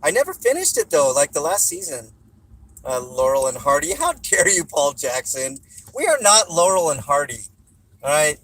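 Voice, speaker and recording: A man's voice: fairly high pitch, sing-song, moderate pace, fairly bright tone, rough recording. Joking man chatting on a livestream. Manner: joking, reads viewer comments aloud; talks while chewing gum. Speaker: livestream host. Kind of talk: casual livestream chat.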